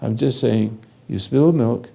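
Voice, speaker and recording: Older man, spiritual teacher, slow commanding lecture, raspy fry, dark tone. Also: medium pitch. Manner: slow, halting, commanding, speaks directly to a listener.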